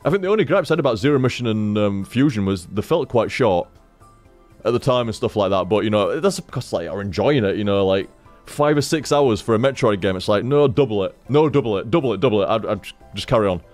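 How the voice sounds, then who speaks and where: A man's voice: fairly low pitch, lively intonation, fairly quick, darkish tone, soft background music. A man, a streamer rambling casually after a stream and swearing constantly. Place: home room.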